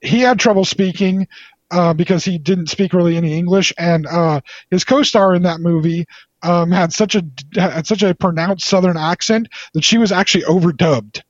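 In a casual movie conversation, a man with a high-pitched voice talks at a moderate pace, eager and meandering, with some playful teasing. There's no room sound, and the lo-fi audio comes across slightly dull.

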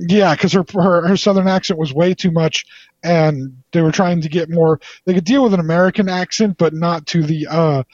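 A man's voice: on the high side, fairly even intonation, normal speed, darkish tone, dry recording. A man chatting casually about movies, enthusiastic and rambling, with playful teasing. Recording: slightly dull lo-fi sound.

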